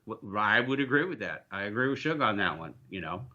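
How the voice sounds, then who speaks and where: A man's voice: medium pitch, big pitch swings, normal speed, bright, forceful tone, lo-fi sound. A man hosting a casual livestream, rambling and joking as he reads viewer comments. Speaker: livestream host.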